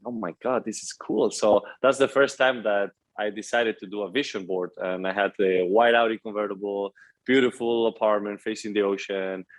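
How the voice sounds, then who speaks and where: Young spanish guy w/ accent, lowish voice, eager casual interview chat. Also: rough recording. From Spain. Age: 20s. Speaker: guest.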